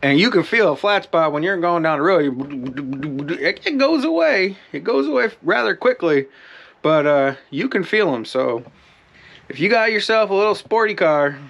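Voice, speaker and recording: A man talks through a how-to in a loose, rambling way, full of fillers and restarts. He sounds a bit winded. His voice sits a touch higher than most men's. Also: lively intonation, normal speed, vocal fry, fairly bright tone. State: out of breath. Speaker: DIY channel host. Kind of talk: casual how-to talk to camera.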